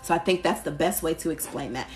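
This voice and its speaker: A woman's voice: low voice, fast talker, soft background music. A woman hosting a casual live stream from her phone, chatting candidly, answering viewer comments and swearing now and then.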